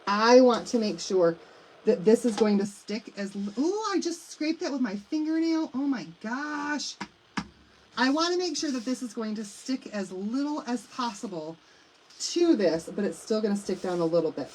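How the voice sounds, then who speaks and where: A woman's voice: on the high side, expressive, moderate pace, darkish tone, a little hiss or hum, rough recording. A middle-aged woman hosting a live craft demonstration, chatting to viewers as she works. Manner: chatty, addresses viewers as you guys and y'all. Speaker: craft livestream host.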